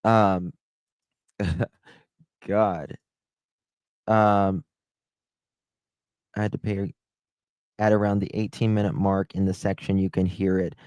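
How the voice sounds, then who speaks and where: A man's voice: low-pitched, fairly even intonation, slow, long pauses, a little mellow, no room sound, rough recording. A man hosting a live stream, giving casual, gossipy commentary that breaks into laughter and swearing.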